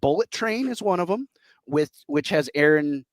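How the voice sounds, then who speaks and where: Man, thirties, podcast co-host, enthusiastic, rambling, fairly high voice, dry close sound. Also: expressive, moderate pace, dry recording. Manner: enthusiastic, rambling, acts out quotes. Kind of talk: casual chat.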